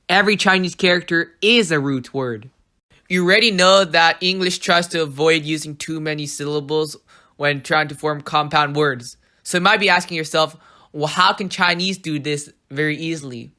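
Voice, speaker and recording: Narrator for a language lesson, bright tone, steady explanatory read, voice-over. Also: mid-range voice. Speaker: teacher. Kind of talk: scripted narration.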